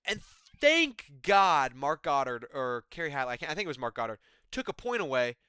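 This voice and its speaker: A man's voice: a little high, sing-song, brisk, pushed and bright, smooth, no room sound, studio quality. A man giving a rambling, profane, exasperated casual recap of a fight card. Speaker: MMA commentary YouTuber.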